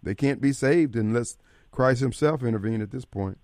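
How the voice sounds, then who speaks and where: A man hosting political talk radio, animated and preachy, swinging from loud outbursts to mutters. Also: medium pitch, normal speed, dry recording.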